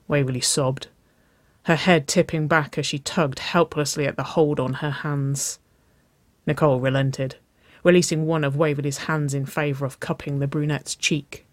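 A reader narrating intimate fiction in a slow, soft, hushed storytelling voice. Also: mid-range voice, no echo.

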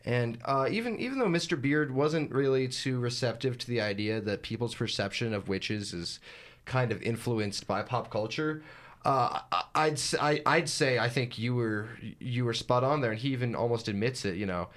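A man's voice: medium pitch, moderate pace, a bit bright. A young man hosting a radio talk show, chatting casually with many restarts and repeated words. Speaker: radio host. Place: radio studio.

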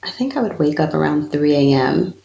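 A woman in her thirties speaks low and earnest, her voice heavily gravelly with fry. The sound is roomy and echoey around her as she tells a personal story in an interview. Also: lively intonation, brisk. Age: 30s. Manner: earnest, personal, with soft laughs. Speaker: guest, spiritual speaker. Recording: echoey room.

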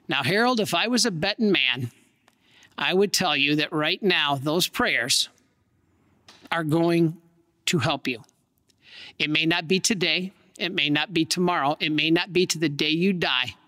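A man, a priest, telling a story in a sermon with earnest, dramatic pauses. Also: a little high, pushed and bright, in a large hall.

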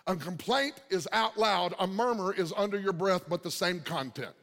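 A pastor delivering a dynamic sermon, swinging from loud shouting to quiet murmurs. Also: male voice, high-pitched, normal speed, gravelly. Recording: long hall reverb.

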